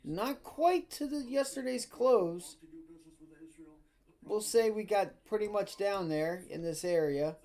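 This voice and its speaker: A man hosting a live day-trading stream talks viewers through charts, breaking into profane, exasperated rants and repeating phrases. His voice sits high, slightly mellow, and he speaks slowly.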